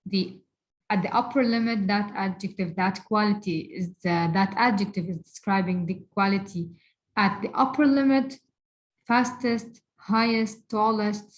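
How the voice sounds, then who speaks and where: A woman teaching a recorded English grammar lesson, repeating words slowly and deliberately for her students. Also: medium pitch, poor audio. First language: Arabic.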